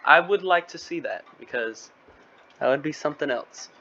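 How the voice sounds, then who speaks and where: A man's voice: fairly high pitch, lively intonation, moderate pace, sharp tone. A man co-hosting a casual podcast, giggly and loose, hesitating with fillers. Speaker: podcast co-host. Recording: muffled lo-fi audio with faint hiss.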